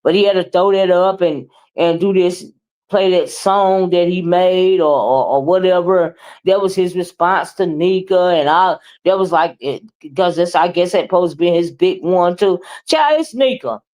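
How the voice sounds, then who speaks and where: A woman's voice: on the low side, moderate pace, poor audio. Sassy woman with a drawl. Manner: sassy, expressive, drawling commentary. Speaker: livestream commentator. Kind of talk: casual livestream commentary.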